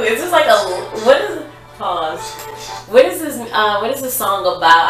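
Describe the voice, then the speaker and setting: A young woman reacting on camera in an easygoing, chatty way, breaking into excited exclamations. Her voice rings around a very echoey room and sits some way off the mic. Music plays faintly behind her. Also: a little high, a little slow, recorded from a distance. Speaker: YouTube reaction vlogger. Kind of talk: casual reaction chat. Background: music video playing.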